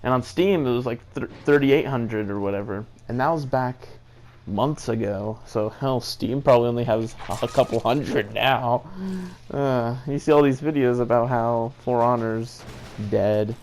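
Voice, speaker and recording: A man's voice: medium pitch, fairly even intonation, normal speed, a little mellow, a little hiss or hum. A man, a gaming video creator, ranting casually and indignantly, rambling with lots of fillers and laughs. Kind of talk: casual rant to camera.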